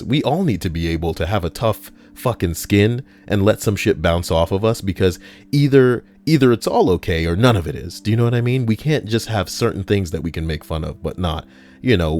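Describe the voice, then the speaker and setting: A man's voice: deep voice, darkish tone. A man casually reading online stories on a livestream, rambling and joking with crude, profane asides. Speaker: YouTube reader and streamer. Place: home recording room.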